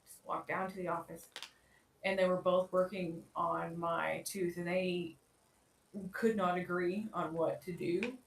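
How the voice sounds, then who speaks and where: A woman's voice: on the low side, fairly even intonation, measured pace, distant mic. Woman podcast co-host. Chatty, filler-heavy storyteller, a bit off-mic in an echoey room.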